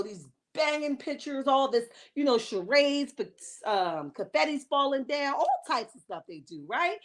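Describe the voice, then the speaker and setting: A woman hosting a casual commentary stream, sassy and animated, talking straight to her chat. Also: high-pitched. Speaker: commentary host.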